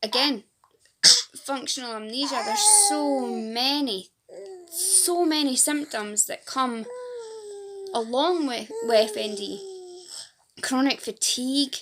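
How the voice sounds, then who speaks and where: A woman's voice: high-pitched, expressive, slow pace, pauses often, crowd noise. A woman from Scotland with a Fife accent, a support group founder making an earnest, rambling appeal in a casual talk to camera. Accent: Scottish, Fife. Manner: earnest, rambling, emotional at times.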